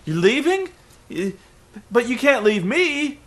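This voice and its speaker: A man's voice: high-pitched, big pitch swings, a little fast, a bit bright, voice pushed up, full character voice. A man doing a weepy, whiny wrestler. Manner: whiny, pleading parody. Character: weepy young male wrestler, near tears.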